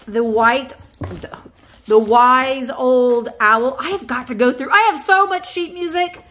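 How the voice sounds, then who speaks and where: A woman reselling antiques, chatting casually to viewers as she unboxes finds on camera, easily excited and talking to the objects. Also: high voice, a little hiss or hum. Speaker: antique reseller and shop owner. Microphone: camera on a tripod.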